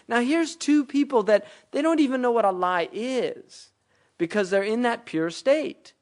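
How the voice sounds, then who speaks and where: A man's voice: high voice, animated, moderate pace. A man giving a religious lecture, explaining Arabic words and verses, often rising into emphatic explanation. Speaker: Islamic teacher.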